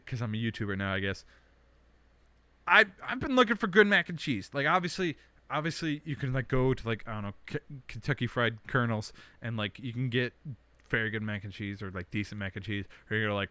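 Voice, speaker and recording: A young man hosting a casual livestream from home, rambling with lots of fillers and bursts of animated complaint. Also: mid-range voice, no echo. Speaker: podcast host. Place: indoors at home under a blanket.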